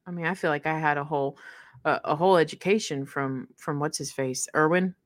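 A woman co-hosts a podcast, chatting casually and telling stories as an animated storyteller who laughs often and acts out quotes loudly. Her voice is deep and brisk, recorded with studio quality and no echo.

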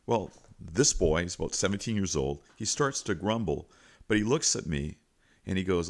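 A middle-aged man, a teacher hosting a podcast, retells a school anecdote in an animated, folksy way. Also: sits low, moderate pace. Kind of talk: storytelling anecdote.

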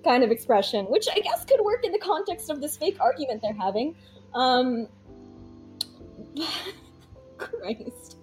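A giggly woman who rambles along as a player in a tabletop game. Her voice is high and bouncy, and faint music plays underneath. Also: big pitch swings, unhurried, pauses often, darkish tone. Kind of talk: casual tabletop game chat.

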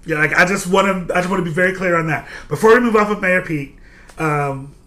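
A man's voice: high-pitched, brisk, bright, forceful tone. A man hosting a casual political chat podcast, playful and chatty, with lots of fillers. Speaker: podcast host.

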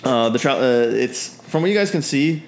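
A man's voice: medium pitch, lively intonation, moderate pace. A man narrating as game master of a tabletop game, rambling with frequent fillers.

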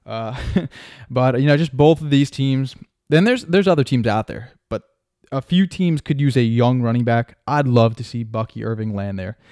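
A young man hosting a solo sports podcast, talking in a loose, excitable way and tossing in frequent "right?" and "man". His voice is warm and mellow, recorded close and dry with little room sound. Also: medium pitch, moderate pace, no room sound. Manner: excitable, chatty, lots of fillers and "man", "right?". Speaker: podcast host.

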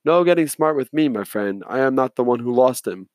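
A man's voice: mid-range voice, lively intonation, fairly quick, darkish tone, no room sound, natural voice. A man voicing a middle-aged male hotel manager who rambles and turns curt when crossed, in a storybook reading.

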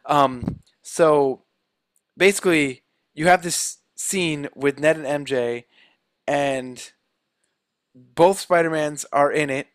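A man casually retelling a movie plot in an animated way, often saying "like.". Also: a little high, slow pace, pauses often, no echo, clean studio sound. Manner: animated storytelling, many "like"s.

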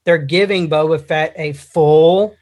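A man's voice: on the high side, steady tone, a little slow, a little mellow. A man talking as a guest on a casual livestream chat, rambling with lots of fillers and restarts. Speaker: guest on a fan podcast.

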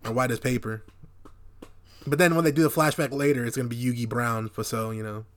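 A man's voice: mid-range voice, steady tone, brisk. A man co-hosting a podcast, recapping an anime in a crude, joking way and mocking the characters in put-on voices. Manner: profane, jokey, does mocking character voices. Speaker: podcast co-host.

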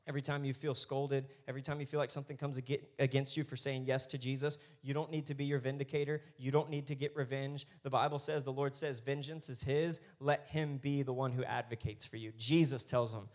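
Animated pastor preaching. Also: male voice, a little high, fairly quick. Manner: animated, swings from hushed to loud and emphatic. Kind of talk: sermon.

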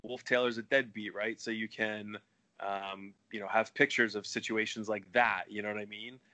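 A man's voice: lowish voice, level tone, normal speed, bright, forceful tone. A man, a wrestler guest on a podcast, chatting casually in a rambling, profane way and laughing at himself. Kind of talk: casual chat.

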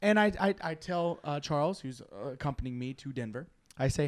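A man telling a long story in casual chat, animated, laughing often and acting out his friends' lines. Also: mid-range voice, a little fast.

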